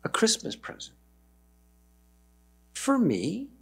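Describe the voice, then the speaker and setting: A man voicing a frightened, bewildered housemaid who pleads in a shrill, panicky way. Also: big pitch swings, a little fast, full character voice.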